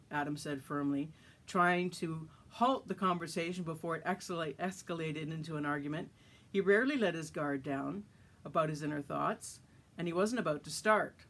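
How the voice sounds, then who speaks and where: A woman hosting a podcast, reading her own story aloud in a steady, measured way. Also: low voice, slightly rough.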